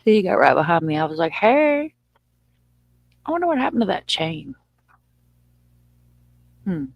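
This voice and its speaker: A woman's voice: sits low, sing-song, moderate pace, vocal fry, dry recording, highs cut off. A woman with a Southern US accent hosting a casual livestream, chatting in a folksy way and reading out viewer comments. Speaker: livestream host.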